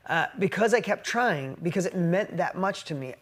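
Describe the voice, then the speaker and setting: A man in his forties giving a motivational business talk, emotional and shifting from loud emphatic bursts to quiet reflection. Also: high voice, lively intonation, moderate pace. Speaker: business speaker.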